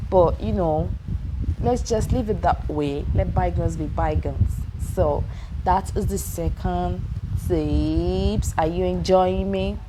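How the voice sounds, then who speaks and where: A woman's voice: medium pitch, background noise. A young Nigerian woman with a Nigerian accent giving relationship advice in a casual vlog, repeating her points emphatically and asking if you understand.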